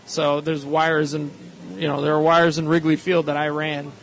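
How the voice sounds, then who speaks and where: A man's voice: on the high side, completely flat delivery, low-quality recording. Rambling man podcaster, faint noise. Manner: rambling anecdotes, quick jokes. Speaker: podcast co-host. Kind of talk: casual comedy chat.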